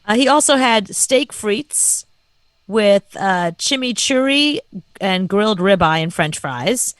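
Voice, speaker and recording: A woman co-hosting a radio show, telling a story in an animated, chatty way and laughing easily. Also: mid-range voice, slow pace, dry recording. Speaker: radio co-host. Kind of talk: casual radio chat.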